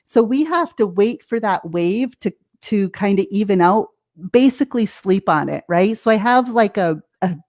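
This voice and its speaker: A woman's voice: medium pitch, expressive, moderate pace, few pauses, darkish tone. An American woman, a life coach as guest, explaining things casually, laughing often and acting out her own reactions. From United States.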